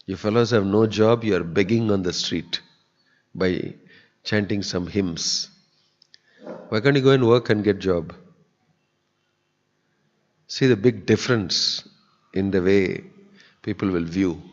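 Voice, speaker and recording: A low-voiced man preaches in a temple hall, earnest and conversational. His voice rings with a long hall reverb. The recording sounds dull and lo-fi. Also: unhurried, long pauses. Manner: earnest, conversational, acts out quoted people. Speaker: spiritual teacher giving a discourse. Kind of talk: sermon.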